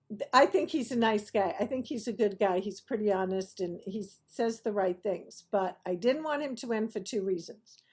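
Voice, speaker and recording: A woman's voice: medium pitch, a little mellow, breathy edge. A woman hosting her own sports talk show, rambling casually through opinions with frequent asides. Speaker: host of a sports commentary show.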